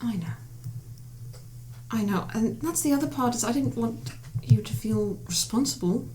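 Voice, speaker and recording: A woman player speaking in character in a tabletop game, hesitant and halting. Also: on the high side, mellow, slight background noise. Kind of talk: in-character tabletop role-play.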